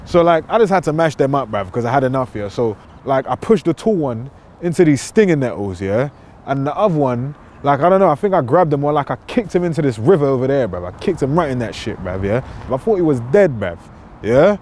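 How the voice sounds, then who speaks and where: A man's voice: medium pitch, sing-song, fairly quick, darkish tone, a little hiss or hum. A young man with a London accent telling comic stories in slangy street talk, saying bruv at every turn. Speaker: storyteller. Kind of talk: comedic storytelling.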